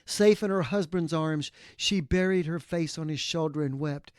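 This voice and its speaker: Male podcast co-host, dramatic read-aloud narrator, fairly high voice, dry close sound. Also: normal speed, clean tone, no room sound. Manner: expressive storytelling.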